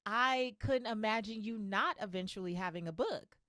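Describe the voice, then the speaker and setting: Apresentadora de podcast com voz seca e próxima. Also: female voice, mid-range voice, moderate pace, no echo. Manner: warm, effusive, encouraging. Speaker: podcast host. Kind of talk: interview conversation.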